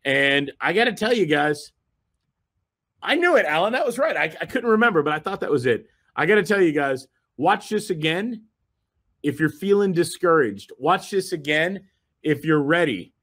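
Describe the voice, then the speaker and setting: A man's voice: fairly high pitch, big pitch swings, normal speed, a bit bright. A man hosting a group video call, giving a rambling, enthusiastic motivational talk full of fillers and repeated phrases.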